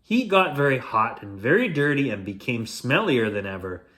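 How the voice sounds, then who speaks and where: A man hosting a show, reading a children's bedtime story aloud in a playful, expressive way. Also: mid-range voice, normal speed.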